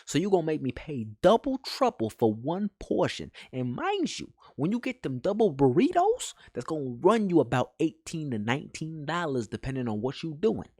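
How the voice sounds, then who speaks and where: A young man streaming live, ranting in an animated, profane, exasperated way. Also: fairly high pitch, moderate pace, hardly any pauses, no room sound, clean studio sound. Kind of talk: live-stream reaction rant.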